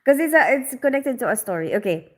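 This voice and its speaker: A woman's voice: high voice, sing-song, fast talker. A woman, hosting a casual livestream and reading viewers' comments aloud, chatty and rambling with frequent laughs. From Philippines. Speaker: livestream host.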